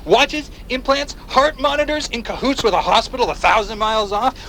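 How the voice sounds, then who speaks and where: An actor playing a paranoid, fiery male agitator in a video game, delivering an impassioned rant that swings from hushed menace to near-shouts. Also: extremely high pitch, moderate pace, a little hiss or hum. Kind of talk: video game voice acting, radio-style monologue.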